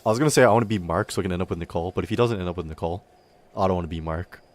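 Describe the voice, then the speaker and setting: This young VTuber speaks in a low voice at a racing pace during a game live-stream. He chats casually and ramblingly, often swearing and making fun of himself.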